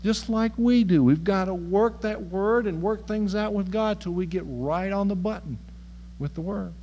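A man delivers a sermon in a folksy, humorous, emphatic manner. His voice sits slightly high. It rings with long hall reverb, and a faint hum runs underneath. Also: normal speed, darkish tone, highs cut off. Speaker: preacher.

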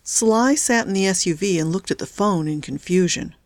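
Woman reading an audiobook, lowish voice, steady, dry close mic. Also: moderate pace, no echo. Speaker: narrator. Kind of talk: audiobook narration.

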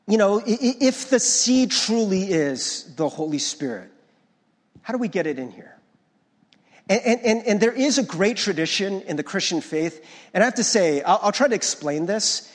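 A man's voice: high-pitched, long reverb tail. A male pastor preaching a conversational sermon, often checking in with the congregation and restarting his words. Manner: restarts and stumbles over words.

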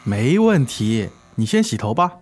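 A man's voice: medium pitch, sing-song, a little slow, soft background music. A man voicing a persuasive male hairdresser in a scripted lesson dialogue, coaxing and salesy.

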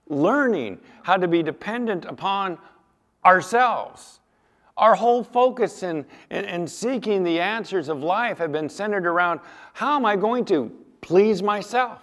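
Lively preacher in an echoing hall. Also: male voice, fairly high pitch. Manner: emphatic, dramatic storytelling. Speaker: pastor. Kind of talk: sermon.

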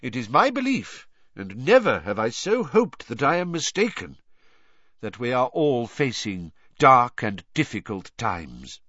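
A man voicing a wise old male headmaster, speaking gravely and solemnly in a slightly dull recording. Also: medium pitch, sing-song, bright, forceful tone, dry recording, exaggerated voice. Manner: solemn, measured speech.

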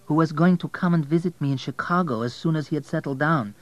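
A man reading the part of a young Polish immigrant waitress, speaking softly with a Polish accent and a gently teasing manner. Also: fairly high pitch, fast talker, no room sound, voice pushed up, natural voice. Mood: gentle.

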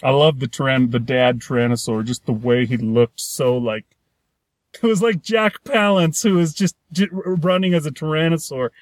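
A man's voice: on the high side, moderate pace, no echo. A man chatting casually about a film, rambling and restarting his sentences, often acting out the characters' lines. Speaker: podcast co-host. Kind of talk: casual movie review chat.

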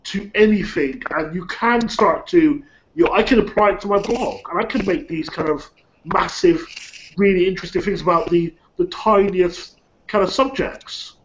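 A man with a fairly high voice weighs in on a panel discussion, hedging and padding his points with "you know". The audio is dull and lo-fi, with a faint hiss underneath. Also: moderate pace. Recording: muffled lo-fi audio with faint noise.

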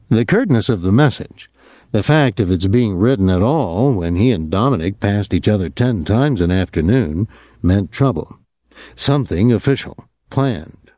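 A man reading a novel aloud in steady audiobook narration on a close mic. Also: fairly low pitch, moderate pace, dry recording.

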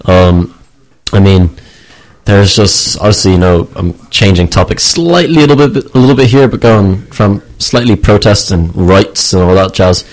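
A man's voice: deep voice, expressive, moderate pace, poor audio. A man chatting casually on a talk show, rambling and stammering as he restarts. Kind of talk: casual chat.

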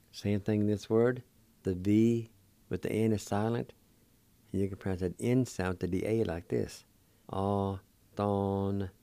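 A man's voice: fairly low pitch, creaky, mellow, no room sound. A man hosting a radio language lesson, patiently spelling words out syllable by syllable and encouraging his listeners to practice. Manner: encouraging toward learners. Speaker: radio host teaching Cherokee words.

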